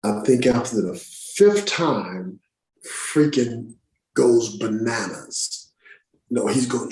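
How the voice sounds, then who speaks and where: Middle-aged male actor as a podcast guest. Mid-pitched, swearing storyteller, roomy echo. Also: normal speed. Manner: profane, animated anecdote-telling with slang. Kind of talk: casual storytelling interview. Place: podcast studio room.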